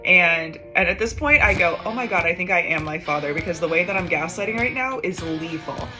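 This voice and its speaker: A woman's voice: lowish voice, expressive, fairly quick, over music. A young woman, a comedian, telling a personal story in a casual, self-mocking way, acting out the dialogue with big jumps in her voice.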